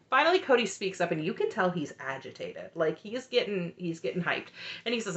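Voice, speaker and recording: A woman's voice: fairly low pitch, brisk. A woman recapping a reality show in a casual, opinionated way, with candid commentary and frequent asides. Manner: candid and animated, talks through her frustration with frequent asides.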